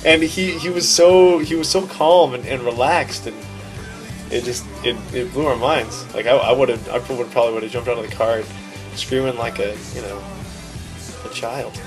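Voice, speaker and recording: Animated, self-deprecating male podcaster. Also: medium pitch, moderate pace, faint music behind. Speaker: podcast co-host. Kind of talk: casual storytelling chat.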